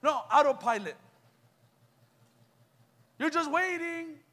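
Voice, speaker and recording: A man's voice: very high voice, expressive, takes it slowly, sharp tone. A young adult man giving an impassioned youth sermon, firing rhetorical questions at the crowd. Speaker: youth preacher. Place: church youth event.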